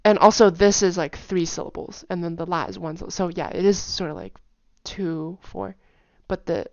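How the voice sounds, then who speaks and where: A woman with a fairly low voice talks through a casual lesson, singing strings of "da" syllables and repeating words rapidly to show pitch. She is chatty and peppers her speech with "like." The recording is dry and a little dull. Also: animated, creaky, no echo. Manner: chatty, with many "like" fillers and soft asides. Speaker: language teacher.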